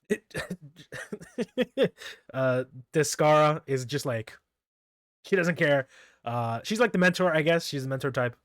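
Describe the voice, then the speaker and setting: A man's voice: on the high side, no echo, clean studio sound. A man recapping manga chapters in a casual solo talk, rambling, laughing often and stumbling over names. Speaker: manga reviewer.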